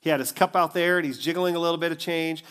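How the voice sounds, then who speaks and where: Brief: animated male preacher, fairly high voice, storytelling sermon. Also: fast talker, clear, resonant tone. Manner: animated storytelling, acts out the scenes. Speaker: pastor.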